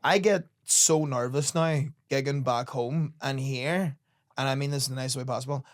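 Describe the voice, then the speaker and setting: A man's voice: medium pitch, normal speed. A young man on a podcast, telling stories and acting out quoted people with sweary punchlines. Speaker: podcast guest, comedian. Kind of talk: casual chat, storytelling.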